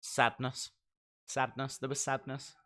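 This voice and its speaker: A man giving excitable, jokey live commentary while watching a show along with viewers. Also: mid-range voice, a little slow. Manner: excitable, jokey, talks to himself. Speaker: live stream reactor.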